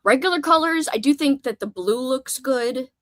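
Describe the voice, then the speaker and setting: A young woman with a high, bright-pitched voice hosts a laid-back livestream, chatting and giggling as she reacts to her viewers. The sound is close and dry, with no room around her. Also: lively intonation, moderate pace, dry recording. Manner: giggly, chatty, reads chat aloud. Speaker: livestream host. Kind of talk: casual livestream chat.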